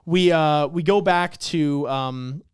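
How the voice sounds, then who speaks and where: A man on a podcast, casually recapping a webtoon and acting out the characters' lines with swearing and excitement. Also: fairly high pitch, takes it slowly, smooth, dry recording, studio quality. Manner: animated retelling, acts out lines, swears. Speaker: podcast co-host.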